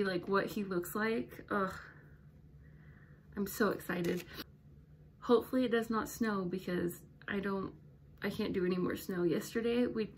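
A woman's voice: medium pitch, slight background noise. A young woman vlogging from her bedroom, rambling and chatty with many fillers, a little out of breath. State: slightly out of breath. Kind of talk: casual vlog talk to camera. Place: bedroom at home.

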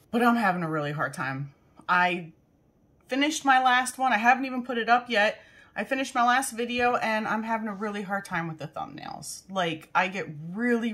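A frazzled woman with a drawl rants about her day straight into the camera at her desk. Her pitch swings widely as she goes on, and she drops casual swears with weary exasperation. She sounds like she's talking to a friend. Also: a bit bright. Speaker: beauty vlogger. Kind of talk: casual venting chat to camera. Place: at a home desk, indoors. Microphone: camera zoomed in at a desk.

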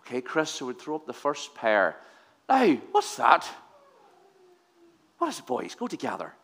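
Lively man quizzing kids in church. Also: medium pitch, a little slow. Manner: playful, quizzing kids with questions. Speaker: leader of a children's talk in church. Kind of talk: children's address in a church service.

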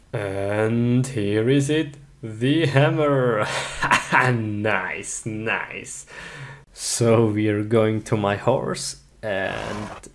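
A man voicing a cheerful, reckless young hero in a cartoon, playful and giggly. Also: medium pitch.

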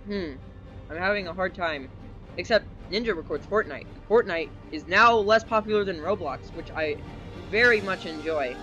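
Young male gaming creator, high-pitched, excitable let's play commentary, faint game music behind. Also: muffled recording. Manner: excitable, yelps and cheers at game events, rambling asides. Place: at a desk at home.

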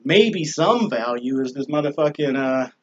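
A man's voice: medium pitch, lively intonation, normal speed, dull audio. A man vlogging from a small balcony, rambling and swearing through a laid-back casual story with lots of fillers. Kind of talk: casual profane monologue. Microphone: camera on a small balcony.

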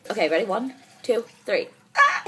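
A woman's voice: mid-range voice, expressive, moderate pace, a bit bright. A young woman talking casually to her camera in a daily vlog, chatty and goofy, filling her talk with "like". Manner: chatty and goofy, full of "like" fillers, jokes around. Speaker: vlogger.

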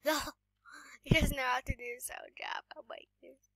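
A woman giving casual gameplay commentary while sick, coughing now and then, excitable and often dropping to a whisper. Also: high-pitched, normal speed, gravelly, no room sound. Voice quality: voice sounds off today. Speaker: gaming YouTuber.

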